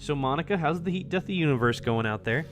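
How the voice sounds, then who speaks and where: A man's voice: fairly high pitch, lively intonation, fast. A man streaming a visual novel, joking and talking to the game character as he plays. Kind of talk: casual gameplay commentary.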